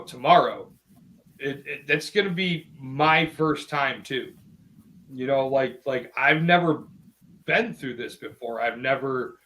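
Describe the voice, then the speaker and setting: A man's voice: medium pitch, a bit bright, poor audio. A man co-hosting a casual podcast chat, talking in a rambling, profane way with many restarts. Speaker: podcast co-host.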